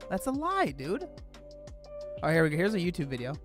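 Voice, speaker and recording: Animated man chatting on a stream. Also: high-pitched, a little fast, soft background music. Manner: animated, incredulous, talks to chat. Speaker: live streamer. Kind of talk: casual live-stream chat.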